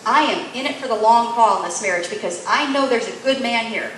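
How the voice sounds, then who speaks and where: A woman's voice: on the high side, a little fast, fairly bright tone. A woman teaching a room of women, telling stories with acted-out dialogue and bursts of laughter. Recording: strongly echoey room with faint noise.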